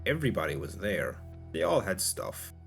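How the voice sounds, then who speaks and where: A man's voice: low voice, very animated, moderate pace, vocal fry, a bit bright, soft background music, full character voice. A man voicing a young woman with a child's mind who speaks in short, simple, childlike sentences, read aloud as a story. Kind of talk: audiobook-style reading.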